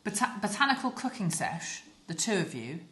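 A woman's voice: on the low side, big pitch swings, a little fast, a bit bright. A woman in her forties co-hosting a podcast, teasing and theatrical in casual chat. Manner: teasing, theatrical, sing-song asides. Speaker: podcast co-host.

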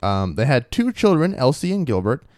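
A man spins a spooky tale for his podcast in a loose, conversational way. His mid-range voice moves a lot in pitch, and he laughs and hedges along the way. The recording is dry and close. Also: very animated, normal speed, darkish tone, no echo. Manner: chatty, laughs often, hedges with ums. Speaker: podcast co-host and storyteller. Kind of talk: casual storytelling podcast.

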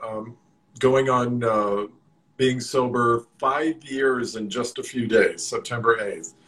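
A man's voice: medium pitch, slow pace, fairly bright tone, rough recording. A man in his sixties from the American Midwest, a guest on a video-call interview, easygoing and plainspoken with some joking. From Midwest USA. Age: 60s. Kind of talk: casual interview.

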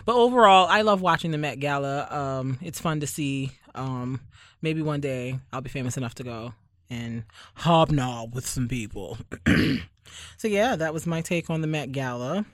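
A man's voice: medium pitch, animated, moderate pace, fairly bright tone, no room sound, studio quality. A young man from Barbados hosting a podcast in casual chat, sardonic and rambling, leaning heavily on fillers. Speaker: podcast host.

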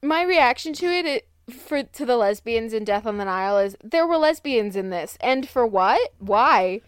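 A woman chatting casually as a podcast co-host, rambling and animated, with lots of fillers and laughter. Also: a little high, moderate pace, clean tone, no room sound, studio quality.

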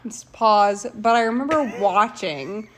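A woman's voice: mid-range voice, expressive, unhurried. A woman co-hosting a podcast, chatting casually and bluntly about a film, with frequent swearing. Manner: blunt, swearing, laughs often. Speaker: podcast co-host. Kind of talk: casual movie review chat.

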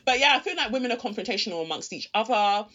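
A woman's voice: fairly high pitch, expressive, very fast, sharp tone, lo-fi sound. A woman talking frankly as a guest on a casual podcast, often filling with "like". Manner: frank, chatty, uses "like" a lot. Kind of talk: casual chat.

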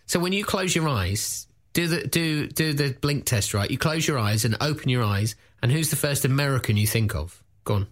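A man's voice: medium pitch, animated. A man co-hosting a comedy podcast, teasing his partner and plugging a gig in casual banter. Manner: playful, teasing, quick plugs.

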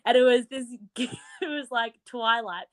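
A young woman with an Australian accent softened by a British twang, co-hosting a podcast in giggly, casual chat full of "like". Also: a little high, a little slow. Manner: chatty, giggly, lots of "like". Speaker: podcast co-host.

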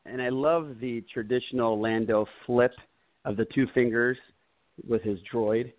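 A man's voice: medium pitch, fairly even intonation, no echo. Laughing male co-host, dry tinny sound. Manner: enthusiastic, laughs easily, halting restarts. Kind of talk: casual podcast chat.

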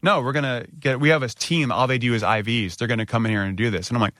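A man's voice: medium pitch, steady tone, fast talker, a bit bright, dry recording, clean studio sound. A man casually telling a story on a podcast, acting out his own anxious outbursts.

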